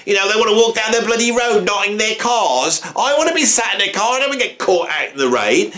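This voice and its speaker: A man's voice: sits high, lively intonation, fast talker, sharp tone, echoey room, pitched above the performer's own voice. A man voicing an outraged, blustering middle-aged Englishman who swears his way through a rant.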